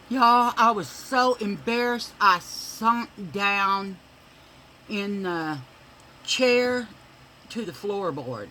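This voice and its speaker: A woman's voice: mid-range voice, animated, very slow, bright, forceful tone, slight background noise, poor audio. A woman telling rambling stories while doing her makeup at home. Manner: chatty, rambling, with many fillers. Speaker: makeup vlogger.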